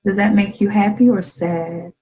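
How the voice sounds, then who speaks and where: A woman hosting a radio show, chatting gently and playfully with her young daughter and teasing her with questions. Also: medium pitch, steady tone, normal speed, low-quality recording.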